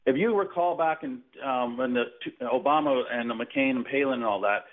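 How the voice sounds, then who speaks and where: A man's voice: medium pitch, brisk. A man from Canada calling in to a radio show, rambling and hesitant as he makes his points. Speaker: caller. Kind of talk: call-in phone conversation. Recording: tinny phone line.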